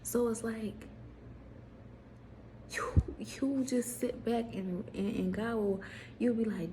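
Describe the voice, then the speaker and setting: A woman, casually preaching to viewers in a vlog, animated, repeating herself and putting questions to the audience. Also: a little high, slow pace, a little hiss or hum. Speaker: faith vlogger.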